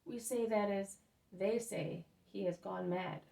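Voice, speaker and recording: A woman's voice: mid-range voice, fairly even intonation, slow, gravelly, warm tone. Rueful man with doubting kin, as a woman reads him. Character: wistful man, doubting family left behind. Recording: roomy echo, mic at a distance.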